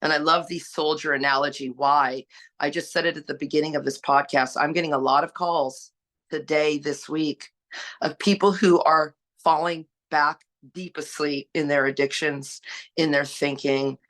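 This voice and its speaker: A woman's voice: low-pitched, steady tone, normal speed, fairly bright tone. A woman sharing her recovery story on a panel, earnest and exhorting, asking rhetorical questions. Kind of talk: personal sharing, preachy.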